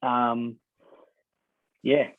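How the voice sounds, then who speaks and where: A New Zealand man in his twenties, a podcast guest telling stories in a relaxed way, full of ums and sort-ofs. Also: medium pitch, extremely slow, no room sound. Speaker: guest rugby player. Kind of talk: casual podcast chat. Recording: dry, tinny phone-like sound.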